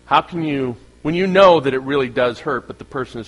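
A man preaching a sermon as pastor, speaking with animated emphasis, asking the congregation rhetorical questions and acting out voices of listeners. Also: mid-range voice, fairly quick, hardly any pauses, low-quality recording. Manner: acts out quoted voices of listeners.

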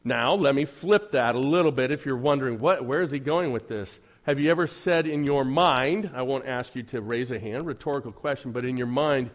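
A man's voice: medium pitch, a little fast, few pauses. A man preaching a Sunday sermon in a church, conversational and joking, with dry sarcasm and frequent rhetorical questions to the congregation. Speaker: pastor.

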